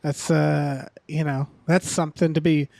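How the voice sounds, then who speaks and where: Male co-host, high voice, goofy stammering deadpan jokes, dry sound. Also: measured pace, creaky, no echo. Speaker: podcast co-host. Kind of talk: casual comedic chat.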